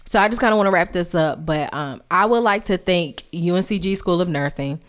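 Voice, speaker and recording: Low-voiced woman hosting a tribute. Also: brisk. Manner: emotional, talks straight to listeners, repeats phrases for emphasis. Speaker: podcast host. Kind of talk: heartfelt tribute podcast talk.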